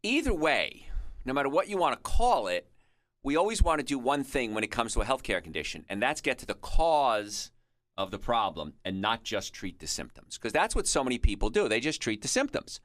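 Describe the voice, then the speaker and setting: On a radio health show, a male host explains things conversationally, wandering into stories and asides at a studio microphone. His mid-range voice is sing-song and a bit bright, and he talks a little fast. The recording is dry.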